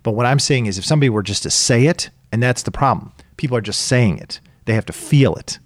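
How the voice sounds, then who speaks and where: A man co-hosting a casual chat, telling stories in an animated way and acting out the people he quotes. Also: medium pitch, fast talker, no echo, clean studio sound. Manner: animated storyteller, acts out quotes.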